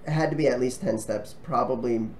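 A man of ordinary middle pitch chats easily to his viewers in a relaxed vlog. He rambles and restarts his sentences, with many ums along the way. A faint hum of ambient noise sits behind him. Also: a little fast. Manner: friendly and chatty. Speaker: travel vlogger. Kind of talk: casual talk to camera.

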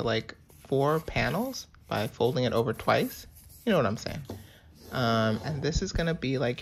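Chatty man with a gravelly, raspy voice. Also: mid-range voice, a little hiss or hum. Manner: chatty and playful. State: slightly raspy from allergies. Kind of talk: casual craft tutorial voice-over.

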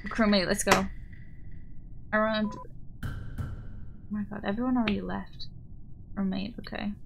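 A woman live streaming as she plays a game, chatting casually with viewers, excitable and giggly, squealing when startled. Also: mid-range voice, vocal fry.

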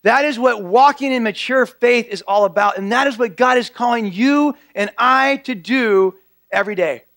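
A man's voice: extremely high pitch, moderate pace, fairly bright tone, dry recording, studio quality. A male pastor preaching a sermon in a church, earnest and repeating key phrases for emphasis.

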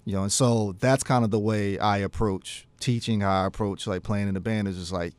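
A man's voice: lowish voice, steady tone, fairly quick, clean tone, no room sound. A man in his thirties, a jazz pianist and teacher, telling stories in a casual radio studio interview and acting out his own past conversations.

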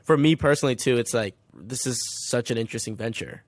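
A male podcast host asks questions in a relaxed, casual way, teasing his guest and laughing easily. His voice sits at an ordinary pitch, and the recording is dry and close. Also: fast talker, no room sound.

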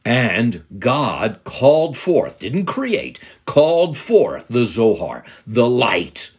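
Older man, Bible lesson, emphatic preaching cadence, unhurried, husky tone. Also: medium pitch, big pitch swings. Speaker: Bible teacher.

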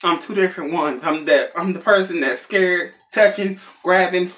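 A man's voice: sits high, moderate pace, hardly any pauses, fairly bright tone. A young man telling a rambling, self-mocking comedic story as a vlogger. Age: young adult.

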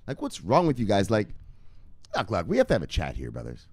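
A man hosting a casual crypto video, reading out viewer comments in a rowdy, foul-mouthed way, with shouted catchphrases between muttered asides. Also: lowish voice, huge pitch swings, fast, slightly rough, dry recording.

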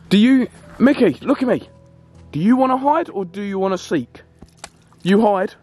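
A young man filming an acted vlog skit, shouting pleas and orders at a prankster, then calmly talking to his viewers. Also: high voice, measured pace, long pauses. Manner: shouting pleas and commands, then calm to-camera wrap-up. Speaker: vlogger. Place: outdoors and in a car at night.

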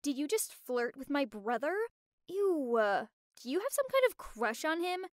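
A woman voicing a bossy, mean teenage girl bully in an animated story, scornful and threatening. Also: on the high side, a little slow, dry recording, studio quality.

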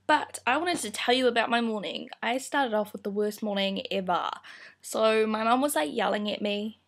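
A woman's voice: a little high, moderate pace, vocal fry. A young woman vlogging to camera in casual chat, telling a story in a self-deprecating, giggly way. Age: young adult.

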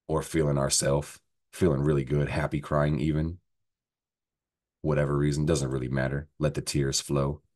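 A man's voice: a bass voice, flat delivery, normal speed, darkish tone. A man giving a casual astrology forecast, profane and rambling, joking as he goes through the week. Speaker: astrology vlogger.

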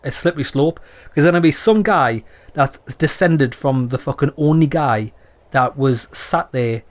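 A man's voice: fairly high pitch, unhurried. A young man doing let's play commentary, blunt and sweary, reading game text aloud and reacting. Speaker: gaming YouTuber.

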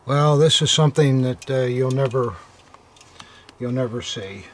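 An older man with a medium-pitched voice chats casually through an unboxing, relaxed and hesitant, pausing on fillers and letting out amazed asides. He's a militaria dealer who hosts unboxings, and faint noise sits beneath the recording.

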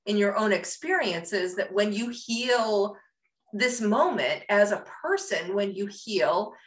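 A woman's voice: medium pitch, animated, takes it slowly. A woman hosting an interview, speaking in a reflective, encouraging way. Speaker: host. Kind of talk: interview conversation. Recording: echoey room sound.

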